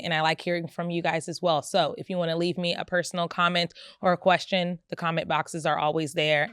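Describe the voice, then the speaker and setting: Chatty woman podcast host, smooth dry voice. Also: lowish voice, dry recording. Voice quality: loud voice. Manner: chatty, candid and emphatic. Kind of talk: casual solo podcast talk.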